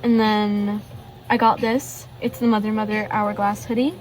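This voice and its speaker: A woman's voice: mid-range voice, flat delivery, normal speed, a little mellow, faint music behind, poor audio. A teenage girl in casual chat, showing her sketchbook in her bedroom and gushing with lots of fillers and rambling asides. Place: bedroom at a desk. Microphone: phone hanging above the desk.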